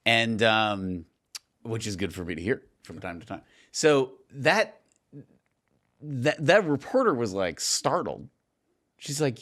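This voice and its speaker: A man hosting a podcast, telling stories in a casual, animated way and laughing often. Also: medium pitch, measured pace, long pauses. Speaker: podcast host. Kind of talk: casual conversation.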